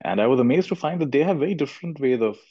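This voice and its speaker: A man's voice: mid-range voice, expressive, racing, warm tone, slightly rough, no room sound. A middle-aged man from India, giving a thoughtful spiritual talk as a teacher and repeating phrases for emphasis. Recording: dull lo-fi recording.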